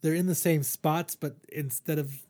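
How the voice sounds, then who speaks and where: Rambling, profane man with a higher voice. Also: fairly even intonation, normal speed, warm tone. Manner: rambling, profane, lots of fillers and restarts. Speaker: podcast host reviewing comics. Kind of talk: casual chat.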